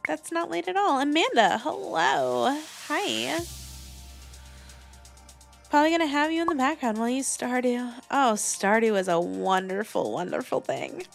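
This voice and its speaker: A woman's voice: high-pitched, measured pace, gravelly, soft background music. A woman VTuber streamer in casual live-stream chat from her attic on a new microphone, rambling and greeting viewers by name. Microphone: new studio microphone.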